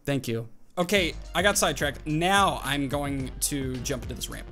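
Excitable man with a bright, forceful voice. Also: mid-range voice, moderate pace, soft background music. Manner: excitable, exclaiming and self-hyping. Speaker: gaming video host. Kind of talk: live gameplay commentary. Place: at a home computer desk.

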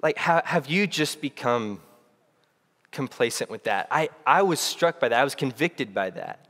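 A man's voice: medium pitch, animated, normal speed, a bit bright. A young man preaching a sermon to his church, earnest and reflective, often restarting his phrases. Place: church sanctuary. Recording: long reverb of a church hall.

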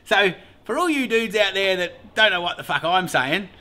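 A man's voice: high voice, animated, moderate pace, sharp tone. A middle-aged Australian man hosting a casual beekeeping vlog, rambling along, swearing freely and laughing often. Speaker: beekeeper host.

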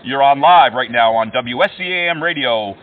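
A man calling scammers as a prank, talking calmly and mock-earnestly and throwing in broken Hindi words. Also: medium pitch, moderate pace, a little hiss or hum. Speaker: prank caller and show host. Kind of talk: prank phone call to scammers. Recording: tinny phone line.

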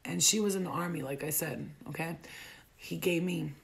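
A young woman from the United States spins a rowdy personal story, cursing a lot and laughing along. Her voice sits fairly low with a gravelly, fried edge. The talk is loose and full of slang. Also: moderate pace. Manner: profane, animated, laughs often, heavy slang. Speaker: vlogger telling a personal story. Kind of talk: casual storytelling.

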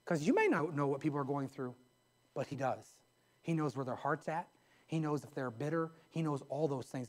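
A man's voice: on the high side, a little mellow. A man preaching a sermon from the pulpit in a church, telling stories in a folksy, colloquial way. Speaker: pastor. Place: church sanctuary.

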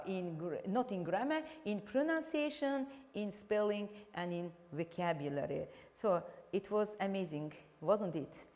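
A woman English teacher with an Azerbaijani accent, slowly explaining a televised lesson with frequent fillers. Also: mid-range voice, darkish tone, in a large hall. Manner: slow, deliberate explaining with fillers.

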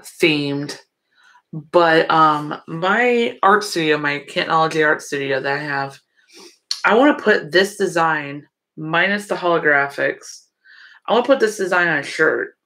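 A woman's voice: deep voice, fairly bright tone. A young woman, casually chatting with viewers on a livestream, sleepy and yawning often. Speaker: livestream host.

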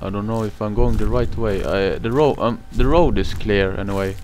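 A man's voice: on the low side, moderate pace, darkish tone, slight background noise. A man playing a horror game for his channel, talking in simple non-native English and swearing and yelping whenever he gets scared. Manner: panicky, screams and swears when scared. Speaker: gaming YouTuber. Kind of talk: horror game let's play. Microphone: cheap mic, face cam.

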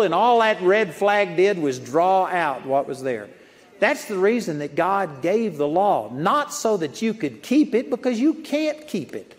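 A man preaching a sermon in a folksy storytelling way, chuckling at his own anecdotes. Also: high voice. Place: large auditorium. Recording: long auditorium reverb.

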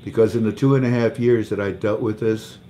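Low-voiced man telling a personal story. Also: steady tone, fairly quick, mellow, a little hiss or hum. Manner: emotional storytelling, repeats words. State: under treatment for cancer. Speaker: livestream host. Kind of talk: casual livestream talk.

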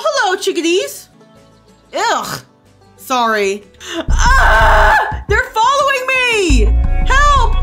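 A young woman streamer giving casual gameplay commentary, excitable, gasping and swearing freely. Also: high voice.

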